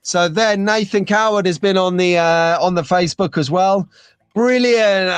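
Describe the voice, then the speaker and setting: Upbeat male live-stream host, slightly higher voice, chatty and excitable, dry close sound. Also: smooth, dry recording. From England. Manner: chatty and excitable, gets frantic and loud at times. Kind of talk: casual live chat reading viewer comments.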